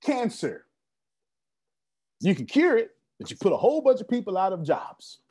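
Animated man coaching a live room. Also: high-pitched, moderate pace, slightly rough. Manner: emphatic, repetitive, asks the audience rhetorical questions. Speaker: business coach. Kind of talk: live seminar talk.

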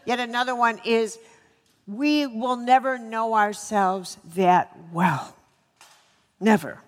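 A woman's voice: fairly high pitch, takes it slowly. A woman giving a live talk on healing to an audience, joking with them and repeating words for emphasis. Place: lecture hall with an audience. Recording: long reverb of a lecture hall.

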